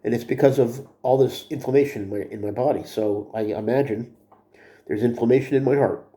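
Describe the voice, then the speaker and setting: Brief: middle-aged man, vlogger, mellow voice, rambling and self-critical. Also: medium pitch, brisk. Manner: restarts and repeats words. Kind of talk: confessional video diary.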